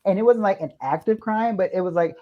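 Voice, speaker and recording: A young man, a podcast guest, chatting casually and acting out his own quoted lines with lively shifts. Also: sits high, quick pace, lo-fi sound. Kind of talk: casual chat.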